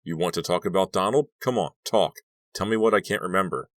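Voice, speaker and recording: A man reading an audiobook, voicing a troubled teenage boy who pleads and shouts at his father. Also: deep voice, fairly quick, no room sound, pitched above the performer's own voice. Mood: desperate, shouting. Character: troubled teenage boy footballer, desperate and explosive.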